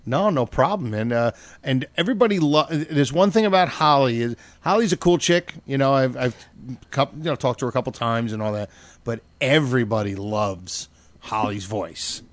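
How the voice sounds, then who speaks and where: A man's voice: mid-range voice, moderate pace, dry recording. A man hosting a podcast, joking loosely and swearing freely in crude casual banter. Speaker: podcast host.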